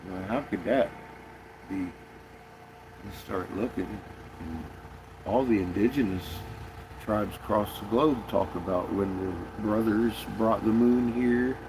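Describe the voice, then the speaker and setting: A man's voice: lowish voice, slow pace, pauses often. Rambling, cursing man on a noisy recording. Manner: rambling, swears often, frequent restarts and laughs. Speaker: conspiracy vlogger. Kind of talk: casual rambling monologue.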